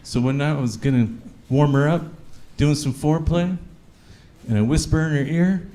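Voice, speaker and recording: A man with a high-pitched voice performs a stand-up set on a comedy club stage. His storytelling is crude and animated, and he bursts into shouts at the punchlines. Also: moderate pace.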